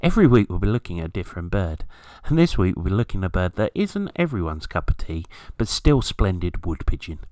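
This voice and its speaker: A man's voice: deep voice, very animated, fairly quick, few pauses, darkish tone, no echo. A man from Britain hosting a scripted garden-bird podcast, with a wry, storytelling manner and playful asides. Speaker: podcast host. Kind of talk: scripted nature podcast narration.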